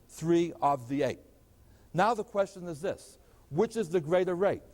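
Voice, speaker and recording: A man with a high voice teaches arithmetic at a chalkboard in an old 1980s lecture recording. He keeps asking questions and answering them himself. The hall gives his voice a long, lingering echo. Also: animated, unhurried, a little mellow. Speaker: math professor.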